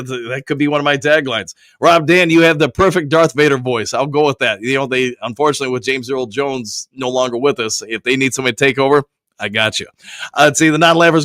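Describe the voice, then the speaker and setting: Male sports stream host, hoarse and deep from a cold, casual, reads out chat, dry close mic. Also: a bit bright, no echo. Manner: casual, reads viewer comments aloud and answers each. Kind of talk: live-stream sports talk.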